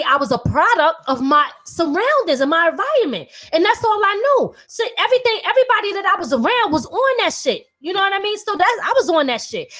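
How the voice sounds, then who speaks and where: A woman's voice: very high voice, fairly bright tone. A woman in her thirties hosting a podcast, an independent artist talking bluntly and animatedly with lots of profanity. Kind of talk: casual opinionated talk.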